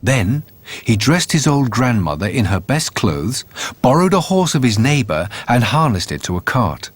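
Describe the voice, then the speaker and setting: A man narrating a fairytale in an expressive, animated reading. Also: medium pitch, normal speed, husky. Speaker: storyteller. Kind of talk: storybook narration. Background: faint music.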